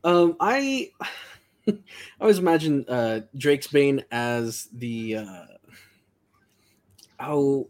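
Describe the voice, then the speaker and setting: A man takes part in a tabletop role-playing game, pausing to hunt for his words. His voice sits in an ordinary middle pitch. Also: expressive. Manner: hesitant, searching for words. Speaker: player.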